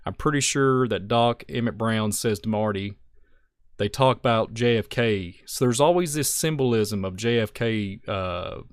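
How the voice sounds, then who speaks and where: A man co-hosting a podcast, talking through a film slide by slide in a rambling, excitable way with many restarts. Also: lowish voice, unhurried, clear, resonant tone, no echo, studio quality. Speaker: podcast co-host. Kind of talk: casual film-analysis chat.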